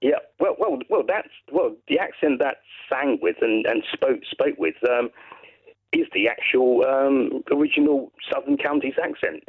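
A man's voice: medium pitch, a little slow. A man from England calling in to a radio show, chatting eagerly and rambling with lots of restarts. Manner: rambling, enthusiastic, many restarts. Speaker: caller. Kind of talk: casual chat on a radio phone-in. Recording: phone line.

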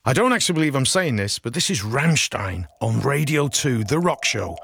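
A man's voice: mid-range voice, very animated, moderate pace, gravelly, very noisy. A man presenting a rock radio show, chatting enthusiastically and self-deprecatingly with fillers, at a studio microphone. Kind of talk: casual radio DJ chat.

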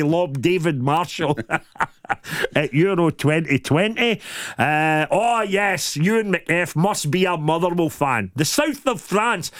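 A man's voice: on the high side, fairly bright tone, no room sound, clean studio sound. A middle-aged Scottish man hosting a radio show, telling stories and breaking into laughter in casual banter. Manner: laughing, storytelling, quick asides.

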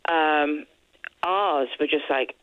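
Brief: animated woman in her fifties, phoning in, dry, close sound. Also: sits low, slow pace, dry recording, phone-quality sound. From Liverpool, England. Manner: chatty, animated storyteller. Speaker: caller.

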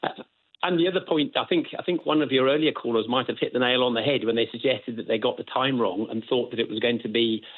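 A man's voice: medium pitch, quick pace, slightly rough. A man calling in to a radio phone-in, chatting in a jokey way and often restarting his sentences. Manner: jokey, self-correcting. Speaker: caller. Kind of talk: phone-in chat. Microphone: telephone. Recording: phone line.

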